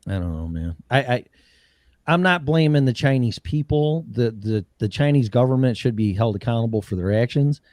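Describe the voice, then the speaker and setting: A man's voice: medium pitch, lively intonation, normal speed, darkish tone, dry recording, studio quality. A man hosting a political talk show, ranting heatedly with profanity and mocking impressions. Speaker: show host.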